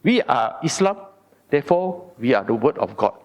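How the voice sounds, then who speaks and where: A man with a Malaysian English accent giving a Buddhist Dharma talk in an animated, colloquial and emphatic way. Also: medium pitch, normal speed. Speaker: Dharma speaker. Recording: long hall reverb.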